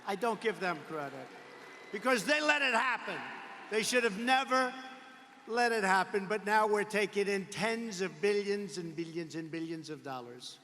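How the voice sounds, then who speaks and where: A man's voice: sits high, moderate pace, bright, forceful tone, slight background noise. A man giving a political rally speech in a large arena, emphatic, repetitive and digressive. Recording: reverberant arena hall.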